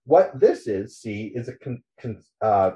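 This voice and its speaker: A man voicing a smarmy male cult recruiter with a condescending, wheedling sales pitch. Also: sing-song, measured pace, mellow. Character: smarmy male cult preacher selling skull drilling.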